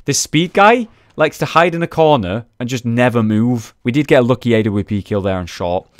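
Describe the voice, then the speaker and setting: A man's voice: medium pitch, lively intonation, moderate pace, dry recording, studio quality. A young man chatting casually over gameplay footage, recapping rounds and swearing freely. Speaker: gaming video host.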